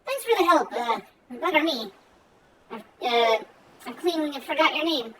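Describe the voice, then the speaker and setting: A woman's voice: sits high, expressive, a little slow, distant mic, crowd noise, low-quality recording. A woman reading a game's dialogue, voicing a boozy, blustery old male sailor in a thick put-on brogue. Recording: game music playing underneath.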